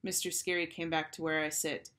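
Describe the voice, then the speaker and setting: Woman teacher, lower voice, expressive storybook read-aloud for kids. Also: brisk. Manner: expressive first-person storytelling.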